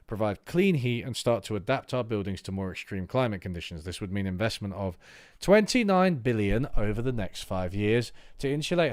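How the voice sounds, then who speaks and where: Livestreaming, a man with a low pitch reads out a political manifesto before breaking off into rambling, faltering asides thick with fillers. The recording is close and dry, without room sound or echo.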